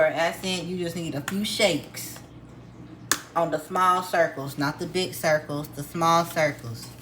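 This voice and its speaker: A woman's voice: fairly low pitch, background noise. Chatty woman cooking at home. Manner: chatty, addresses viewers as y'all, homespun instructions. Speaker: cooking vlogger. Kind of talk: casual cooking tutorial. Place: home kitchen.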